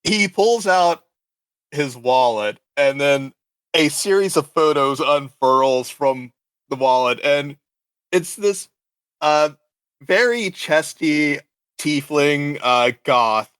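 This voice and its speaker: A man narrating a tabletop game, slow. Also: fairly high pitch, animated, a bit bright, smooth, no echo, poor audio. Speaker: game master.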